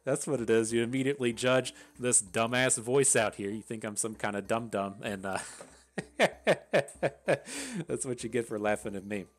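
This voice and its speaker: A man's voice: lowish voice, steady tone, fairly quick, hardly any pauses. A man from West Virginia with a thick Appalachian accent, chatting casually and rambling through gameplay commentary, swearing freely. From West Virginia, USA. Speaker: gaming channel host.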